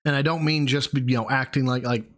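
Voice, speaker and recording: A man's voice: medium pitch, steady tone, fairly quick. A man co-hosting a live stream, roasting his partner with sarcastic, crude jokes. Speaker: stream co-host.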